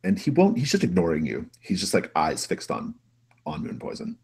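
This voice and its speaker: A man's voice: low voice, huge pitch swings, normal speed, creaky, darkish tone, husky. A man narrating a tabletop game as game master, rambling with many restarts.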